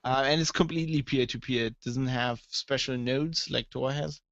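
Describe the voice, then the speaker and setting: A man co-hosting a casual tech podcast, an animated storyteller who swears and acts out the people he quotes. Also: mid-range voice, normal speed, creaky, no echo. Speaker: podcast co-host. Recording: dull, dry lo-fi sound.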